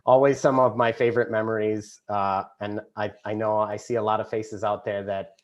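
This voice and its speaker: A man facilitating an online gathering in casual hosting talk, quick to laugh. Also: lowish voice. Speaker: evening's facilitator. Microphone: video call.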